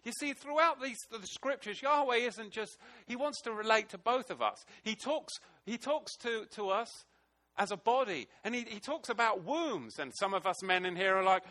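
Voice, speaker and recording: Passionate high-voiced man preaching. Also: animated, normal speed. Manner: passionate, emphatic, swings between loud declaiming and hushed emotional asides. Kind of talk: sermon. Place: small congregation room.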